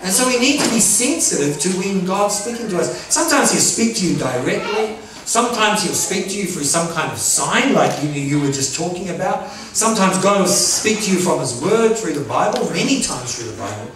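A man preaching a sermon to his church, animated and often laughing, calling out for amens. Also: high voice, fairly quick, hardly any pauses, a little hiss or hum. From New Zealand. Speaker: pastor. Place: church hall. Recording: very echoey hall, voice from far off. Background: congregation answering.

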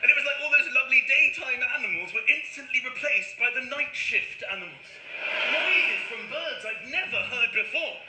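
A man performing an animated stand-up comedy routine on stage, acting out noises and voices. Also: very high-pitched, normal speed, reverberant, heavy background noise.

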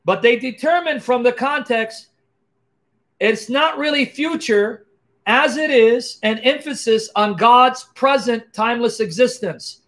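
A man giving an animated apologetics teaching, emphatic and full of rhetorical questions, punctuating points with exclamations. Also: extremely high pitch, unhurried. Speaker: Christian apologist.

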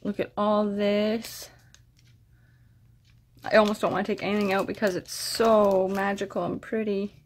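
A woman vlogger casually chatting as she unboxes craft mail, gushing with gasps of delight and talking softly to her friend. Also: mid-range voice, little pitch movement, unhurried, pauses often, a little hiss or hum. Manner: soft-spoken, addresses her friend directly.

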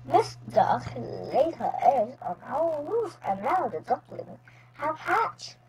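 Woman doing storybook daddy pig, cheery, matter-of-fact, high lively pitch. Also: slow pace, a little hiss or hum, full character voice, low-quality recording. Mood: plain.

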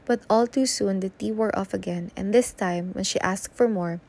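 A woman reading a novel aloud in a steady, even narration. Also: medium pitch, moderate pace, gravelly. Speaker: audiobook reader.

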